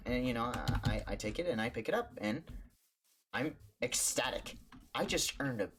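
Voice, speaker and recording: A man who streams, telling a jokey story in a casual, animated way, stumbling over restarts and acting out the voices in his story. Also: mid-range voice, moderate pace, slight background noise. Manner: animated, jokey, with stammered restarts and acted-out quotes.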